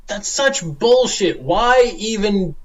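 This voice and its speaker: A man with a slightly high voice rants on a casual podcast. He is sardonic and exasperated, tripping over his own restarts as he goes. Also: lively intonation, takes it slowly. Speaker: podcast co-host. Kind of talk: casual chat.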